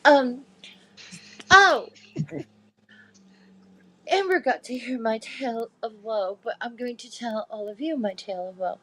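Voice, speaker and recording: A woman hosts a casual chat with friends, recounting a grievance with open indignation and frequent swearing. Her voice sits on the higher side and she talks at an unhurried pace. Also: bright, forceful tone, poor audio. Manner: indignant, swearing, acts out quotes. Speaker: host.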